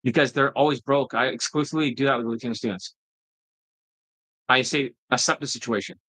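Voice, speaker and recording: A man's voice: medium pitch, steady tone, brisk, fairly bright tone, no echo, rough recording. A middle-aged man giving a blunt, profane coaching rant, often tossing in "right?". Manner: keeps asking "right?" to prompt agreement. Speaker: dating coach. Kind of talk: ranting coaching monologue.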